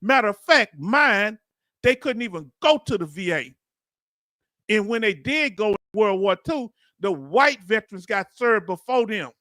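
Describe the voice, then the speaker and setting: A man hosts a livestream commentary, his voice high and bright. He talks in casual slang, animated and preachy, calling on the viewers in his chat. The sound is dry and close. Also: measured pace, no echo. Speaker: channel host.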